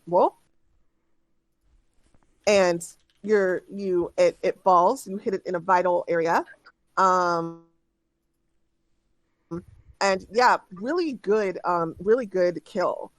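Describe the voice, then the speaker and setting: A woman's voice: fairly low pitch, no room sound, poor audio. Rambling woman game master. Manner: rambling, full of ums and restarts. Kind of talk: narrating a tabletop game.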